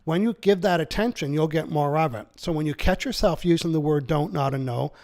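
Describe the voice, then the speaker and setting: A man who is an author and seminar speaker, explaining his ideas in an interview with energetic, persuasive delivery and acted-out quotes. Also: fairly high pitch, a little fast. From Canada.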